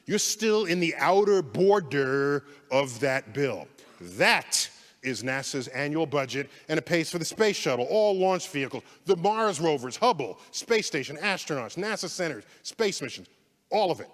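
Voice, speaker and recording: A man giving an animated public science lecture, theatrical, swinging from loud outbursts to hushed asides. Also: a little high, moderate pace. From United States. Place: large lecture hall. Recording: long hall reverb.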